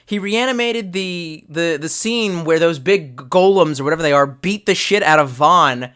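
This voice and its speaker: A man's voice: on the high side, normal speed, fairly bright tone, smooth. A young man streaming live, chatting loosely and swearing a lot, trailing off and restarting as he reads chat. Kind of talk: rambling casual stream chat.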